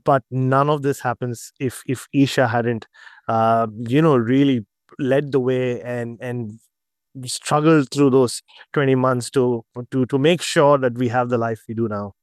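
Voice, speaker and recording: Man, 30s, interview guest, halting delivery, smooth clear voice, dry sound. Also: medium pitch, steady tone, dry recording. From India. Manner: halting, with many restarts and fillers. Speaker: interview guest, cricket journalist. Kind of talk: candid personal storytelling in an interview.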